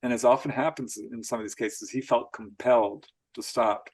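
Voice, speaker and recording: A man guest on an interview show, telling strange stories in an animated way, laughing often and acting out quotes. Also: medium pitch, normal speed, breathy edge. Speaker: author guest. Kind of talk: storytelling interview.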